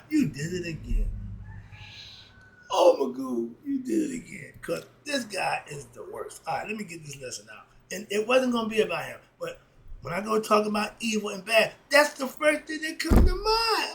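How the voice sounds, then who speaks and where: A man's voice: sits high, sing-song, moderate pace, vocal fry, low-quality recording. A man giving a solo opinion monologue as a philosophy commentator, ranting in a heated, sarcastic and rambling way with lots of repetition.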